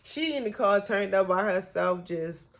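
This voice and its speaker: A young woman telling a storytime vlog in a casual, animated way, cussing a lot and acting out what people said. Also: medium pitch, measured pace, slight background noise. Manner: animated, profane, acts out quotes.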